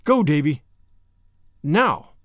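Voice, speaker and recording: A man's voice: on the high side, big pitch swings, very slow, fairly bright tone, no room sound, clean studio sound, exaggerated voice. A man voicing a stern, strict older woman guardian who speaks firmly and scolds. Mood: scolding. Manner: scolding, firm.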